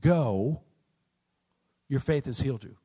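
A preacher voicing a calm, gentle male teacher, speaking softly and low in a long reverberant hall. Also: takes it slowly, slightly rough. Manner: quiet and soft.

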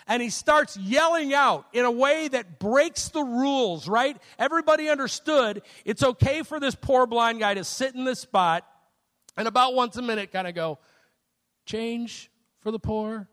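A man's voice: high-pitched, fairly bright tone. A man preaching a sermon in a conversational way, often checking in with his listeners. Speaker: pastor. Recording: long hall reverb.

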